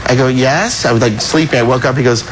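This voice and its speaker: A man guest telling an animated story and laughing through it. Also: mid-range voice, low-quality recording. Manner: laughs through his own story, quick excited delivery. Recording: background noise.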